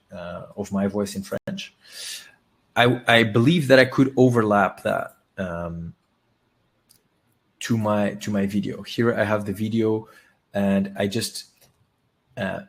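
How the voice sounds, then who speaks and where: A man hosting a live webinar, talking casually and haltingly with many restarts while he demonstrates software on screen. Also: lowish voice. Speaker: webinar host.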